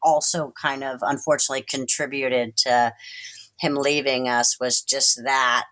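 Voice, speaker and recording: A woman who works at a dog park and gallery, chatting in an interview, full of "you know" and soft laughs. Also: very deep voice, flat delivery, unhurried. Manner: warm storytelling with frequent "you know" and light laughs. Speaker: staff member at Dog Mountain. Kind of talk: casual interview conversation.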